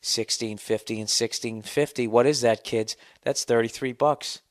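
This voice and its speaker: A man's voice: medium pitch, fairly even intonation, normal speed, no echo. A man in his forties hosting a podcast, ranting casually with profanity and sarcasm on a close studio mic. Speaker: podcast host. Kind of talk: casual comedic rant.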